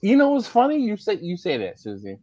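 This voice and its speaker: A man hosting a casual barbecue livestream, animated and laughing often, reading comments aloud and breaking into high put-on voices. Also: fairly quick, no room sound, lo-fi sound. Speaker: livestream host. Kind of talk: casual live-stream chat.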